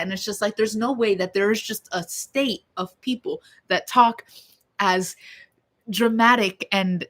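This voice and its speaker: A young woman rambles to her viewers from home in a loose, off-the-cuff chat. She speaks at an ordinary middle pitch, with blunt opinions and casual swearing. Her tone stays unpolished and conversational. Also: takes it slowly, fairly bright tone. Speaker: vlogger.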